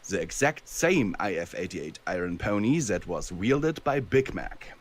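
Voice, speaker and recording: A man with a very deep, low voice answers questions on a casual voice call. He talks unhurriedly and explains things patiently. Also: very animated, unhurried. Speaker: voice actor guest. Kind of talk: casual interview over voice chat. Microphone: computer mic on a voice call.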